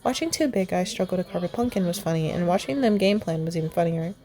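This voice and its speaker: A woman's voice: lowish voice, animated, quick pace, dark tone, faint music behind. A young woman reading a fan story aloud, voicing the characters in her own voice and laughing and commenting along the way. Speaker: fan fiction reader.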